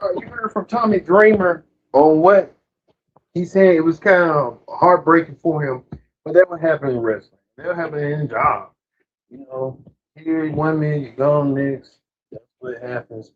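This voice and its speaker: A man's voice: fairly high pitch, unhurried. A male show host giving loose, offhand commentary that introduces clips. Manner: loose, offhand, rough phrasing. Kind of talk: casual commentary. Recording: dull lo-fi mic with faint noise.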